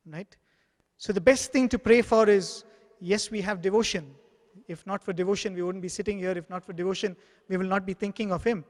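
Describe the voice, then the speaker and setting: A man giving an earnest devotional talk, telling anecdotes and acting out the dialogue in them. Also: high voice. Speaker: spiritual speaker. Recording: long hall reverb.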